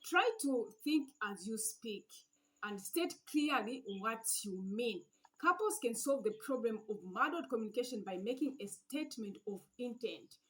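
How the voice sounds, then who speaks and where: A woman hosting a faith-based relationship channel, giving earnest advice in a casual way, repeating her points with "yes" and "you know" and often trailing off softly. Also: on the high side, expressive, moderate pace.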